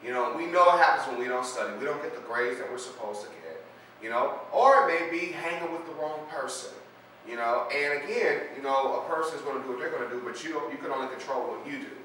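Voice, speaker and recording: A man's voice: mid-range voice, fast, bright, forceful tone. A man speaker telling a parable and drawing a life lesson, conversational, with many fillers. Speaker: motivational speaker. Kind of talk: storytelling lesson. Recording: echoey room, distant mic, faint noise.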